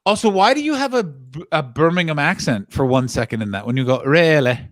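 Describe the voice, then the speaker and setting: A man hosting a comedy podcast, playfully quizzing his guest. His voice is somewhat high and lively, swooping up and down, with a dry close sound. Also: fast talker, dry recording. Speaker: podcast host. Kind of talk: casual comedy chat.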